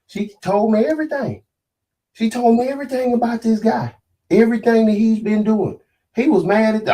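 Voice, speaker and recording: A man's voice: very high voice, moderate pace, mellow, a little hiss or hum. A man ranting on a podcast, angry and preachy, cursing freely as he makes his case. He sits a little back from the microphone, so his voice sounds slightly distant. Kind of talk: heated casual podcast talk.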